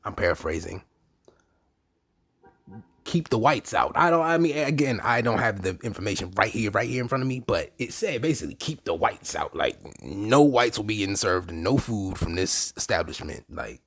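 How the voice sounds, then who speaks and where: A man hosting his own podcast in a casual, profane monologue, swinging between low murmurs and loud animated bursts. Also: a little fast, hardly any pauses, no echo. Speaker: podcast host.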